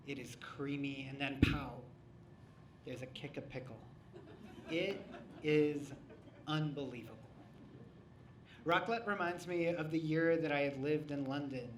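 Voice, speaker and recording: A man tells a funny true story before a live audience, wry and animated. His voice sits a bit high. It rings around a reverberant hall, picked up from a distance with a faint hum underneath. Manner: wry, animated, comic timing.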